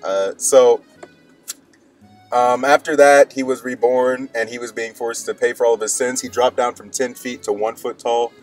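A man's voice: mid-range voice, steady tone, moderate pace, soft background music, rough recording. A young man co-hosting a podcast, rambling through stories casually, laughing often and acting out quoted lines. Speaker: podcast co-host. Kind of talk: casual chat.

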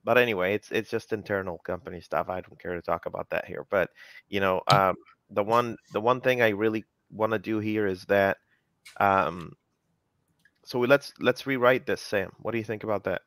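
A man's voice: fairly low pitch, moderate pace, a bit bright, dry recording. A man hosting a live coding session, chatting casually and teasing his co-hosts, with lots of "you know".

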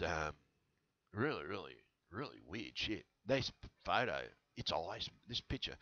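Man, deep voice, rambling vlog talk, conspiratorial, dull headset sound. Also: pushed and bright. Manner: rambling, conspiratorial, full of fillers and restarts. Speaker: channel host. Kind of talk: rambling vlog monologue answering comments.

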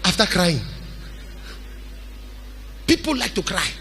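A man preaches a sermon in a high, bright, forceful voice that swings widely in pitch. He bursts into shouts and slides into a sing-song cadence. Soft music plays faintly behind him. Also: very animated, slow, a little hiss or hum. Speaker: pastor.

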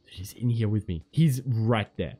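A man commentating a horror game, jumpy and heavy on swearing, shouting back at the enemies on screen and pleading with his teammate. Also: lowish voice, a little slow, husky. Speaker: gaming commentator.

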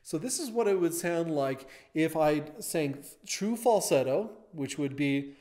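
A man's voice: a little high, lively intonation, measured pace, mellow. A man teaching a vocal lesson, explaining step by step as he points to a diagram.

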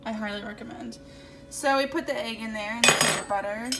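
A woman's voice: a little high, fairly even intonation, fairly quick, heavy background noise. A young woman chatting and joking while cooking and eating in a casual vlog. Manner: giggly, joking. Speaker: vlogger.

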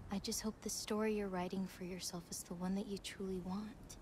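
An actress playing a gentle, softly teasing young woman in a video game. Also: mid-range voice, level tone, fairly quick, background noise, close to an everyday voice.

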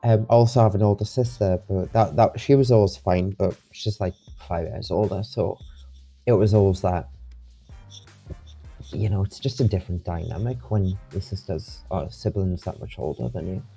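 A man's voice: low-pitched, moderate pace, creaky, mellow, breathy edge, faint music behind. A young man, rambling with many restarts as an interview guest. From England. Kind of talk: casual interview.

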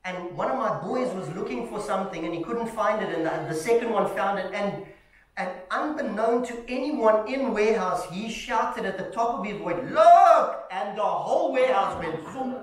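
A man preaching a sermon in a church, telling stories with animated shouts, calling the congregation "family" and asking "Amen?". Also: high voice, moderate pace. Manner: animated storytelling, acting out shouts. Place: church hall. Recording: echoey church hall.

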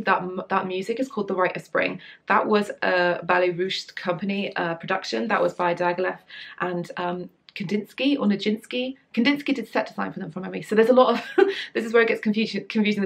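A woman's voice: medium pitch, creaky. A young woman hosting a sewing channel, chatting casually and gushing with enthusiasm, with lots of fillers and restarts. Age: young adult. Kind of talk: casual chat.

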